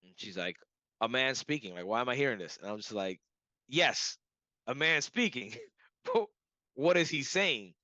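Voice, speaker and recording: A man telling a personal story in a casual, animated way, full of "like" and "you know". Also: mid-range voice, normal speed, pauses often, dry recording. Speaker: client giving a testimonial. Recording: dull lo-fi audio.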